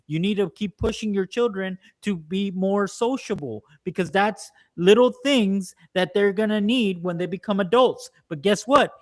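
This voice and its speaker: A man co-hosting a casual political podcast, ranting at length and mimicking people in quick quoted asides. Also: high voice. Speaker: podcast co-host.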